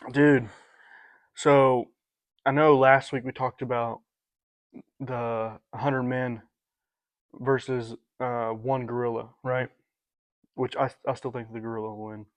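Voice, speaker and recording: A young man with a mid-pitched voice talks easily on a podcast, loose and profane, often filling with "like" and "dude." The recording is dry and close-miked. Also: little pitch movement, slow, long pauses, no room sound. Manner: laid-back, profane, says dude and like a lot. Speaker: podcast co-host. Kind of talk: casual chat.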